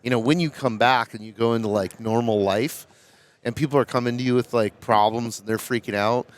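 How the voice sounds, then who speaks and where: A man's voice: mid-range voice, steady tone, fairly quick. A man hosting a casual podcast interview at a trade show, telling reflective stories and tagging his points with 'right?'. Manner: reflective storyteller, tags with 'right?'. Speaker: podcast host.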